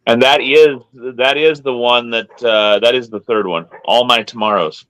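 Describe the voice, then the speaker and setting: A man's voice: medium pitch, normal speed, fairly bright tone, no echo, low-quality recording. A man who preaches, chatting casually and telling jokey stories about sermons. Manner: jokey storytelling. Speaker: preacher and host. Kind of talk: casual chat and hymn singing.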